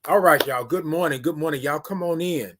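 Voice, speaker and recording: A man with a high voice hosts a casual morning livestream from his phone camera. He greets viewers one by one, repeats his phrases and stretches his good mornings into long sung calls. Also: brisk, a little hiss or hum. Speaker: livestream host.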